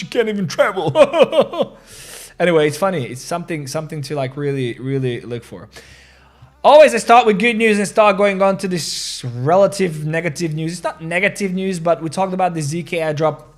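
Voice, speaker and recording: Excitable rambling male crypto host. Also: fairly high pitch. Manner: rambling and excitable, reads social media posts aloud with laughs. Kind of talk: casual crypto market commentary.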